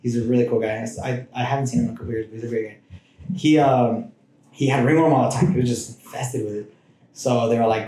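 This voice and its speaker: Man, podcast guest, loose rambling storyteller, warm dark tone, echoey room. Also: mid-range voice, fairly even intonation, quick pace. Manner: rambling, with frequent restarts and asides. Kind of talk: casual personal storytelling. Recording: roomy echoing room.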